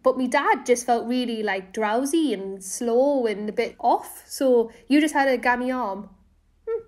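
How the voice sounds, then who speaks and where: Bubbly high-voiced northern English woman. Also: measured pace, a little mellow. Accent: Sunderland. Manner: bubbly, giggly and teasing. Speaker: podcast co-host. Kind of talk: casual chat.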